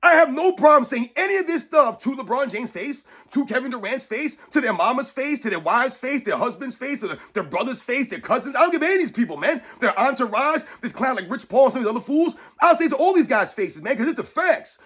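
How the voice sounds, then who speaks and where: A man's voice: very high-pitched, big pitch swings, fairly quick, few pauses, fairly bright tone, slightly rough. A man delivering a blunt, mocking sports rant to his viewers, repeating his points and calling them guys. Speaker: sports commentary vlogger. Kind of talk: heated opinion rant to camera.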